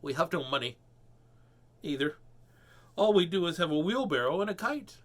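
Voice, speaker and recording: A man's voice: a little high, animated, normal speed, lightly acted. A man reading a storybook aloud, voicing a timid, polite little clerk who pleads hesitantly. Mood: pleading.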